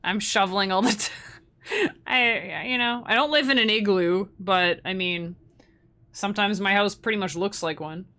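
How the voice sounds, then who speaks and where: A woman's voice: medium pitch, normal speed, sharp tone. A young woman, hosting a livestream in casual, rambling chat and laughing often. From Canada. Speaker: livestream host.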